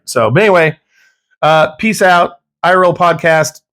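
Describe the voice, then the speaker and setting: A man's voice: a little high, normal speed, fairly bright tone. A man hosting a podcast, ranting angrily with lots of profanity in a monologue. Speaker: podcast host.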